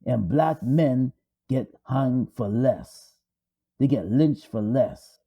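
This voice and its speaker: A man's voice: medium pitch, takes it slowly, slightly rough, lo-fi sound. A man co-hosting a talk show, telling a story dramatically with emphatic repetition. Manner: repetitive, emphatic, restarts for effect. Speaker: co-host.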